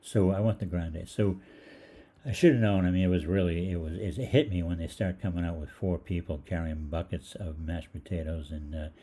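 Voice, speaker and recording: A man's voice: sits low, moderate pace, husky. An older man rambling through a funny personal story in a casual monologue, acting out both sides of the conversation. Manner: rambling, animated, acts out both sides of the dialogue. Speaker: holistic doctor telling stories.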